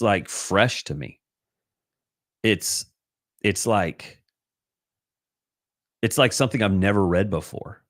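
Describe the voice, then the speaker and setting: A middle-aged man with a very deep voice hosts a casual faith livestream from his home, speaking earnestly and with open emotion. He rambles through personal thoughts, restarting sentences and filling pauses, and his computer mic gives a dry, close sound with barely any echo.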